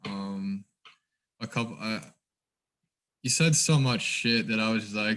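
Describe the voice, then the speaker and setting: A man's voice: on the low side, unhurried, pauses often, a bit bright, poor audio. A man hosting a group call, talking casually and swearing freely as he responds to a share. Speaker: group host.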